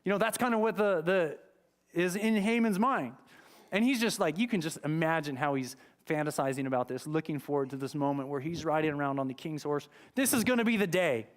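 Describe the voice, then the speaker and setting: Man, pastor, sermon, high voice, conversational, dramatic retelling, church. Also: a little fast. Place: church sanctuary.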